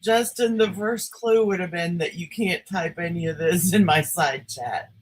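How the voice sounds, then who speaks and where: A woman hosts her livestream in a loose, easy chat, drawing out her words at a slow, unhurried pace. She breaks into giggles and laughter often. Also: lowish voice, low-quality recording. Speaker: streamer host.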